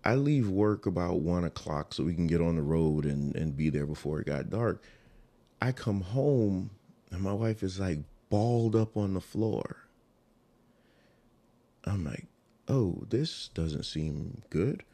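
Very low, gravelly-voiced man telling a story. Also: expressive, a little slow, dark tone. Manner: rambling, repeats words and restarts, swears casually. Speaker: podcast host telling a personal story. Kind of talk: emotional personal storytelling.

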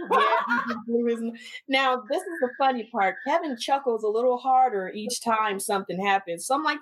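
A woman's voice: a little high, a little fast, a little hiss or hum. A woman co-hosting a podcast, telling a story in casual chat and acting out quotes with a lot of energy. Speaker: podcast co-host.

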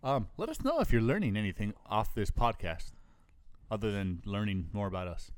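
A man's voice: on the low side, very animated, moderate pace, no room sound. A man co-hosting a podcast in casual chat, laid-back and teasing, talking into a close mic. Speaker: podcast co-host.

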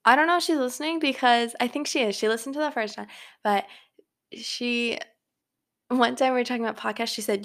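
A woman's voice: on the high side, fairly quick. A young woman hosting a casual solo podcast from her bedroom, rambling with lots of filler words. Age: young adult. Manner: rambling, filler-heavy chatter. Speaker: podcast host. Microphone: home microphone.

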